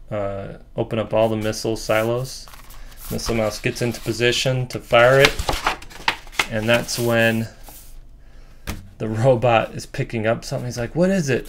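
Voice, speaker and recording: Guy flipping through his old comic pages, gravelly kinda low voice, laid back and rambly. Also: slight background noise. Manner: relaxed, rambling, self-critical, with frequent ums. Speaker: comic artist. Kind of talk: casual page-by-page walkthrough.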